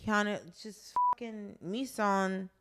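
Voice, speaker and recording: A woman's voice: medium pitch, steady tone, takes it slowly, a bit bright. A woman co-hosting a podcast, chatting casually and bluntly, joking and acting out quotes. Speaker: podcast co-host. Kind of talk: casual chat.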